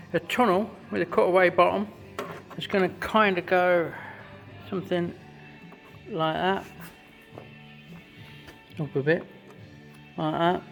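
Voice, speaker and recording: A man's voice: a little high, a bit bright. Swearing man in his fifties in a workshop. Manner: salty, rambling, swears freely. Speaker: custom motorcycle builder. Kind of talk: workshop build commentary. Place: motorcycle workshop.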